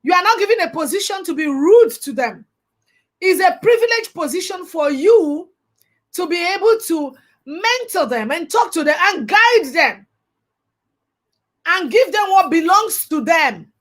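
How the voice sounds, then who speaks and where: A woman's voice: very high voice, fairly bright tone. A young Nigerian woman with a Nigerian accent giving a passionate, preachy commentary monologue, slipping into pidgin now and then. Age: young adult. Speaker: vlogger.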